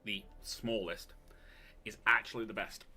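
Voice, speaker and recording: A man's voice: fairly low pitch, measured pace, slightly rough, soft background music. A man co-hosting a gaming live stream, chatting casually and playfully over gameplay. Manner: playful, jokey, breaks into excited yelps.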